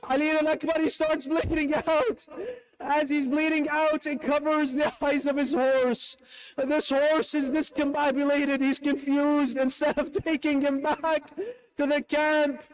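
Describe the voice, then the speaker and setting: A male preacher tells a mourning story in a strikingly high voice. He speaks with fervent grief, and his voice cracks into weeping as he builds the lament. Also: low-quality recording. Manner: impassioned, lamenting, voice breaking into sobs. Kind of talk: mourning sermon narration. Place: mosque gathering.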